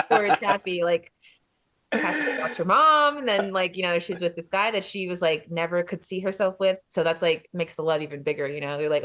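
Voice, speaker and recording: A woman's voice: lowish voice, a bit bright. A woman co-hosting a film podcast, casually retelling the plot and often laughing. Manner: laughs often, retells scenes with playful voices. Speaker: podcast co-host. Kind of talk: casual film review chat.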